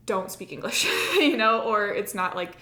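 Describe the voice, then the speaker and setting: A woman's voice: medium pitch, lively intonation, normal speed, sharp tone, reverberant. A woman on a podcast telling a personal story in casual chat, full of "like" and acting out her own past lines. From United States. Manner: chatty, many likes, acts out her own past lines. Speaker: podcast co-host.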